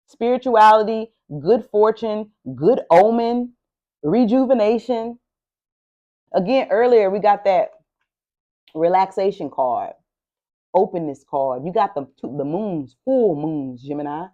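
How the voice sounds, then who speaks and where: An animated woman gives a tarot reading in a preaching, repetitive style. Her voice sits at a middle pitch. The audio is slightly dull and lo-fi. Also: takes it slowly. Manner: animated and emphatic, repeats herself, talks like a preacher. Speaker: tarot reader.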